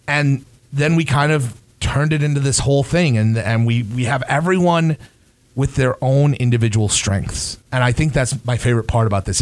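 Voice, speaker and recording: A man hosting a podcast, talking casually and warmly about his group, rambling a little and swearing now and then. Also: medium pitch. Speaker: podcast host.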